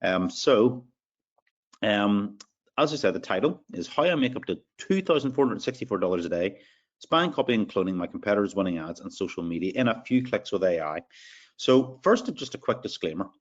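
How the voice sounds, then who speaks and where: A man's voice: on the low side, lively intonation, normal speed, lo-fi sound. A man with an Irish accent hosting a live sales webinar, upbeat as he reads out attendees' names. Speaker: webinar host.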